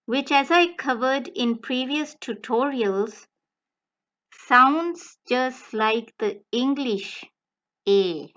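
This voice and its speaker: A woman language tutor giving a slow, deliberate step-by-step explanation of pronunciation. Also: high voice, fairly bright tone, muffled recording. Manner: slow, deliberate, breaks words into careful phrases.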